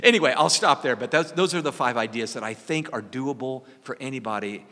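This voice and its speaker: A man's voice: mid-range voice, a little fast, in a large hall, noisy background. A man in his sixties co-hosting a podcast, talking in an earnest, reflective and self-deprecating way. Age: 60s. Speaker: podcast co-host, parent. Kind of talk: casual conversational podcast chat.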